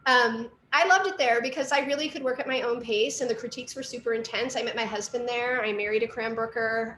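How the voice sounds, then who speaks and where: A middle-aged woman with a slightly high voice tells stories from her art training in a chatty, rambling way. She is recorded in an echoey room with a faint hiss behind her. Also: fairly bright tone. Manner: chatty storytelling with fillers and asides. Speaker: artist and art teacher. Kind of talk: casual lecture talk.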